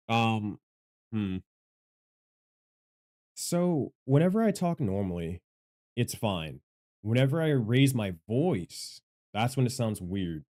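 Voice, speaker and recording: A man with a low voice talks into a studio microphone at his home streaming setup. He speaks slowly, and his pitch moves up and down a lot. He is loud and rambling, and he pokes fun at himself while he adjusts his gear. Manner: loud, rambling and self-deprecating. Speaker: gaming content creator and streamer. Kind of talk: casual livestream mic testing. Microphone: studio microphone with equalizer.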